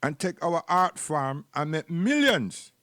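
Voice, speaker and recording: A man's voice: fairly high pitch, very animated, takes it slowly, fairly bright tone, no room sound, clean studio sound. A man with a Jamaican accent giving rambling, preachy live-stream commentary and repeating words while he searches for the next one.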